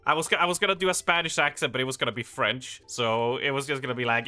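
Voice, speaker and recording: A man's voice: medium pitch, fairly even intonation, quick pace, few pauses, sharp tone, faint music behind. A male streamer chatting casually with his viewers during a live game stream, joking and rambling as he goes. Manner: joking, rambling, often laughing at himself. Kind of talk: casual live-stream chat while gaming.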